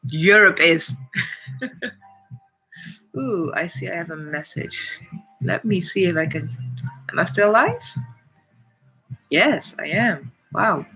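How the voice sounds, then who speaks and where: A Dutch-accented man chatting on his own live stream, blunt and opinionated, with "it's like" in nearly every sentence. His voice sits high for a man and rings very bright and forceful. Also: measured pace, slightly rough, faint music behind, rough recording. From Netherlands. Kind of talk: casual live stream chat.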